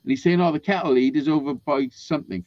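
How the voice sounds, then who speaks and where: Animated, swearing man telling stories. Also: on the high side, quick pace, highs cut off, very noisy. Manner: animated, swearing, acts out quotes. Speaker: storyteller in group chat. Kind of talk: casual chat.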